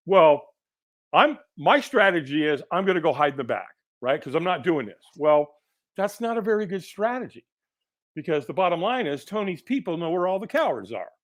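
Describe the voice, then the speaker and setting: A middle-aged man speaks as a guest on a podcast, recounting a personal story. He tells it with animation and slips into the voices of the people he describes. His voice sits a little high and swoops widely up and down. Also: normal speed. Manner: animated storyteller who acts out quoted voices.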